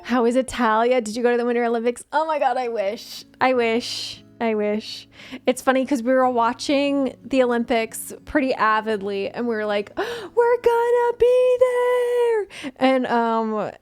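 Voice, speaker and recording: Woman streamer, casual chat, higher-pitched, laughs a lot, faint music behind. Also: steady tone, normal speed. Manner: chatty storytelling, laughs often. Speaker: gaming streamer.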